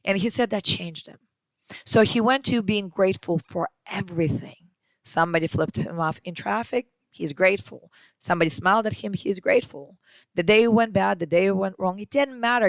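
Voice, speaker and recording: A woman's voice: deep voice, gravelly, no echo. A woman hosting a podcast, giving an emphatic motivational monologue and speaking straight to the listener as her friend. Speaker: podcast host.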